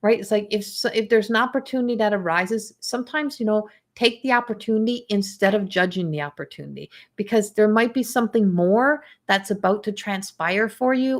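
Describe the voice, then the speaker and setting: Lady in her middle years doing a live astrology reading, chatty, loops back and repeats stuff. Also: mid-range voice. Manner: chatty, repeats herself, acts out quoted inner voices. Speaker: astrology reader.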